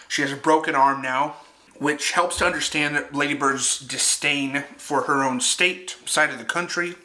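A young man chatting casually through a film review, animated and quick to laugh at himself. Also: medium pitch.

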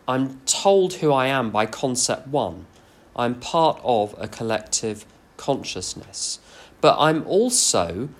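Man, mid-pitched, workshop speaker sharing self-deprecating stories; frank, unpolished delivery. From England. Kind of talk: workshop talk with personal anecdotes.

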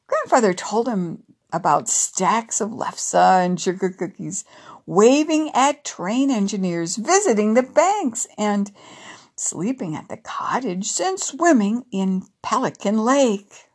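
Slow, expressive woman reading a children's story. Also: mid-range voice, husky.

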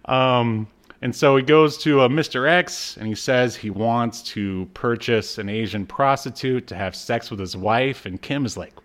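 Smooth-voiced man recapping with laughs. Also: medium pitch, a little slow, fairly bright tone. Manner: laughs while retelling, acts out character lines. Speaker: podcast co-host recapping an episode. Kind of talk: casual chat.

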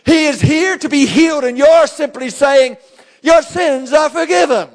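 A man voicing a group of exasperated men who carried a heavy friend for miles, shouting indignantly. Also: very high-pitched, unhurried, in a large hall, pitched above the performer's own voice.

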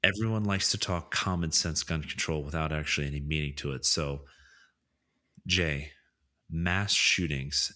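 A man co-hosting a podcast, steadily and deliberately leading a casual discussion. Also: a bass voice, pushed and bright. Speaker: podcast co-host. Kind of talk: casual chat, explaining political topics.

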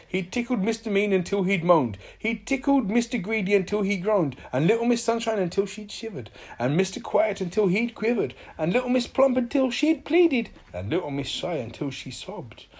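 A woman's voice: medium pitch, sing-song, moderate pace, few pauses, darkish tone, husky. A woman reading a children's story aloud in a playful, sing-song way.

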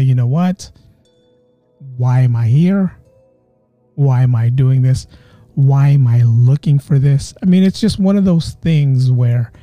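Man, podcast host, very dark mellow tone, dry close sound, faint music underneath, rambling casual talk. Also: fairly high pitch, no echo. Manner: rambling, restarts often. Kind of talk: casual monologue.

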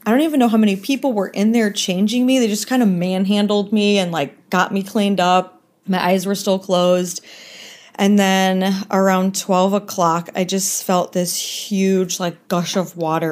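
A woman's voice: mid-range voice, a little mellow. A young woman telling a personal story as a podcast guest, candid and conversational, with many "like" fillers.

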